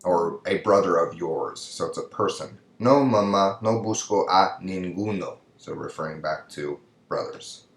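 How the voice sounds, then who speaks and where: A man's voice: deep voice, unhurried, hardly any pauses, reverberant. A man teaching a recorded lesson over slides. He explains patiently and keeps checking with "right?". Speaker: Spanish teacher.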